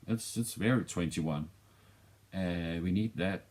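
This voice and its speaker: A man with a Danish accent talks through a film review in a loose, rambling way. His voice sits extremely low and he speaks slowly, often stopping to restart a thought. He swears casually as he goes. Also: darkish tone. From Denmark.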